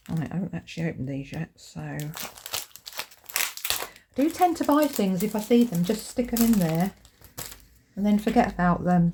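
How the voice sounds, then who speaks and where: A woman hosting a crafting video, chatting casually to camera and getting excited over her materials, with lots of tag questions. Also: mid-range voice, a little hiss or hum. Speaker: crafting channel host.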